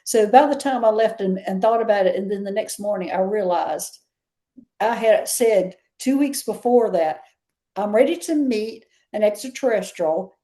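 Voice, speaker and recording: This interview guest has a Southern US accent and a medium-pitched, dark voice at a normal speed. She shares stories in a casual, chatty way, laughing often.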